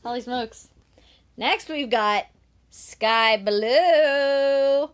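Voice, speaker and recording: A woman's voice: high voice, very slow, clear, resonant tone. A woman hosting a live sales stream, bubbly and teasing, laughing often. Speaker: host selling signed merchandise.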